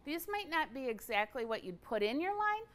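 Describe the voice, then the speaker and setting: A woman's voice: high voice, big pitch swings, moderate pace, a bit bright. A woman hosting a casual livestream product demo from an indoor craft studio, chatty and enthusiastic, with frequent fillers.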